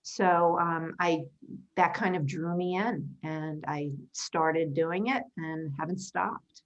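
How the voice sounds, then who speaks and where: A woman in her fifties speaks as a guest in a video-call interview. She is earnest and thoughtful, explaining at length. Her voice sits a little low. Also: slow pace, lo-fi sound. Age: 50s. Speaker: interview guest, designer and karate black belt. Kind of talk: conversational interview answers.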